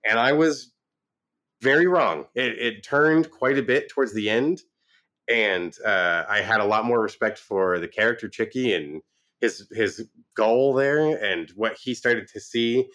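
A man casually reviewing a movie, retelling the plot with lively acted-out quotes and frequent restarts. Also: fairly low pitch, measured pace. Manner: animated retelling, acts out quoted lines. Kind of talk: casual film review chat.

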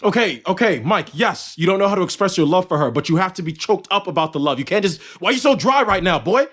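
A young man co-hosting a podcast in casual chat, animated and profane, acting out his own reactions as he talks. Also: high voice, fast talker. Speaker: podcast co-host.

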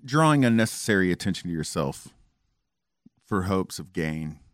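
A man's voice: sits low, big pitch swings, moderate pace, dry recording. A man co-hosting a podcast in casual chat, with dry, sarcastic humor. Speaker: podcast co-host.

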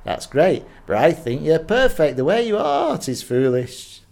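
A man's voice: fairly high pitch, sing-song, measured pace, vocal fry, darkish tone, voice pushed up, exaggerated voice. A man voicing a cheerful, kindly male snail in a storybook reading. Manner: cheerful, friendly.

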